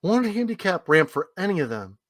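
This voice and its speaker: A middle-aged man co-hosts a podcast in a high, fairly quick voice, recorded with studio quality and no room sound. An animated storyteller, he chats casually, spins stories, and laughs frequently.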